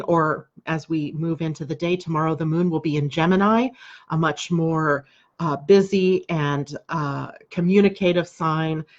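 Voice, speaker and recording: Woman astrologer host from the US, conversational, fond of rhetorical asides; low-ish voice, muffled stream sound. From United States. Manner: chatty, conversational, asks rhetorical questions. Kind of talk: live daily astrology broadcast.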